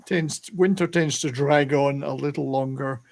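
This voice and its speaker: A Scottish man runs a relaxed online chat show, his voice gravelly and pitched a little high. He talks casually, trading jokes and laughing often. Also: moderate pace. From Scotland. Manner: chatty, laughs often, jokey asides. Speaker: host. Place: home in Alberta, Canada.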